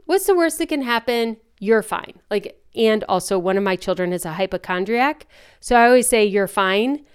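A woman's voice: on the high side, clear, resonant tone. A woman in her forties chatting frankly and animatedly about raising her kids. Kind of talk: casual chat.

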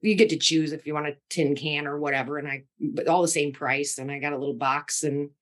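A middle-aged woman talks as a podcast guest, her voice sitting a little low. She tells her story with candid tenderness. She acts out what people said as she goes. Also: steady tone, brisk. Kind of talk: emotional personal storytelling.

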